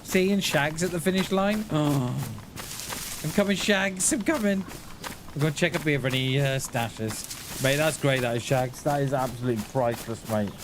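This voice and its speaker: A man's voice: fairly high pitch, a little slow, noisy background. Chatty man streaming a game. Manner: laughing, chatty, addresses chat as mate. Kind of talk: live gameplay stream chat.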